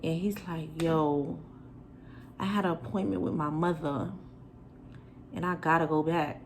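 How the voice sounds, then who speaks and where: A young woman from New York telling a storytime to the camera, animated and sassy, acting out the quoted lines. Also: low-pitched, unhurried, slight background noise, low-quality recording. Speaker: vlogger. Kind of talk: storytime chat.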